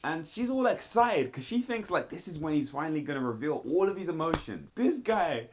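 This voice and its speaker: A man giving blunt, animated commentary on a TV show, with sudden jumps in pitch as he talks straight at the people he reviews. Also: fairly quick, slight background noise. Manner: blunt, addresses people directly. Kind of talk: casual commentary video.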